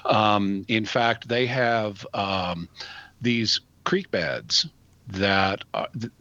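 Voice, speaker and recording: A man who answers questions as the show's expert, explaining things step by step in a measured way and restarting phrases as he thinks. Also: on the low side, steady tone, pushed and bright, dry recording. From United States. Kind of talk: explanatory conversational talk. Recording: dull, dry lo-fi audio.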